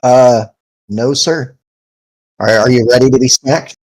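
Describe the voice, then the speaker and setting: A man's voice: medium pitch, steady tone, unhurried, darkish tone, rough recording. A young man acting as game master, casually narrating a tabletop game and laughing often.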